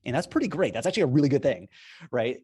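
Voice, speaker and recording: A man's voice: mid-range voice, lively intonation, rapid-fire, mellow, breathy edge. A man being interviewed as a guest, explaining business strategy in an upbeat, persuasive way and chuckling often. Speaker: guest, repricing software founder.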